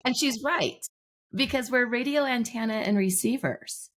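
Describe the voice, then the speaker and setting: A woman podcast guest explaining her ideas in a relaxed, explanatory way, telling anecdotes. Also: on the high side, normal speed. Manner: explanatory, tells anecdotes with acted-out dialogue. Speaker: guest, manifestation teacher. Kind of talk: podcast interview.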